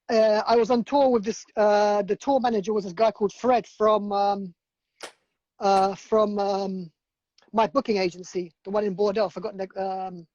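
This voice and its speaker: A man's voice: high voice, darkish tone, dry recording, dull audio. A man, a DJ and producer, chatting casually on a livestream, rambling through stories with lots of fillers and restarts. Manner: rambling, filler-heavy storytelling. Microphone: video call.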